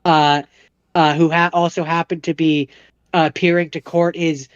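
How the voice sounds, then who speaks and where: A man's voice: a little high, flat delivery, moderate pace, clear, resonant tone, no room sound, dull audio. A man co-hosting a podcast, casually retelling a movie plot in a rambling way and acting out the characters' lines. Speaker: podcast co-host.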